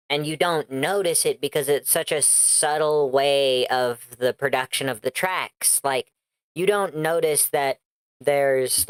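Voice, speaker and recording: Low-voiced sarcastic woman streamer. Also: smooth, no echo. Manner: blunt, sarcastic, swears freely. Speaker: streamer reacting to music. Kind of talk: casual reaction commentary.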